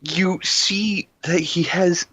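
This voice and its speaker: A man's voice: sits high, fairly even intonation, fairly bright tone, a little hiss or hum. A man co-hosting a podcast, chatting casually and often restarting his sentences. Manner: halting, repeats words as he starts. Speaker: podcast co-host. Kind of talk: casual chat.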